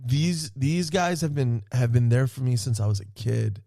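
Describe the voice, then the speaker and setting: A man excitedly telling a story in a casual podcast chat, swearing often and laughing as he talks. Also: medium pitch, moderate pace, creaky, dry recording, studio quality. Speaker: podcast co-host.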